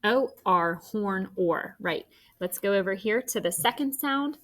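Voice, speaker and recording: A woman's voice: medium pitch, lively intonation, unhurried, a bit bright. Woman teacher giving step-by-step directions. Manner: clear, step-by-step instructions. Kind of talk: recorded phonics lesson for children.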